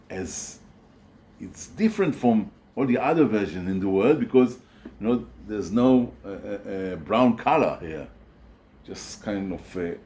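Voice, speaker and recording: A man showing records from his collection in a casual video, halting often with fillers and restarts. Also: on the low side, mellow, slight background noise. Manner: hesitant, many fillers and restarts. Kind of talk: casual show-and-tell video.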